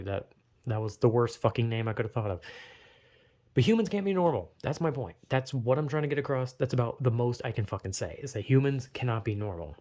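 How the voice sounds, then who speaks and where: A man's voice: mid-range voice, lively intonation, a little fast, warm tone. A young man talking alone in a loose, rambling way, swearing often and laughing at his own tangents. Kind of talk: casual rambling monologue.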